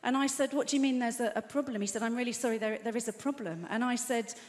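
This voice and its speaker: A woman doing self-mocking, deadpan stand-up comedy on a theatre stage. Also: a little high, quick pace. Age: 50s. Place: large theatre with live audience. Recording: echoey live theatre stage with audience noise.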